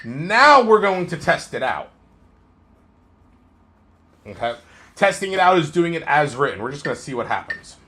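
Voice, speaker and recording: A man streaming his guitar practice live, counting beats aloud in a slow sing-song and talking through how each run felt. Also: fairly high pitch, very animated, sharp tone. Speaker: guitar teacher practicing on a livestream. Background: guitar playing.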